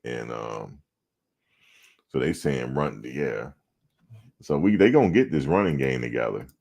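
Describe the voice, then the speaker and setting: A man with a very deep, low voice spinning a casual story, swooping up and down in pitch as he gets into it. He laughs and cusses freely, talking like a host among friends. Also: measured pace, creaky. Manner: animated, profane, laughing. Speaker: show host.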